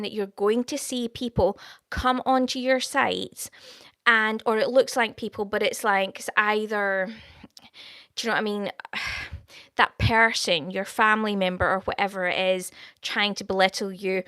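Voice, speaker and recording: A woman's voice: medium pitch, a bit bright, no echo, studio quality. A Scottish woman hosting a live stream, chatting with viewers, thanking them and giving prophecies in a friendly, talkative way. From Scotland. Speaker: livestream host giving prophecy. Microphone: studio microphone.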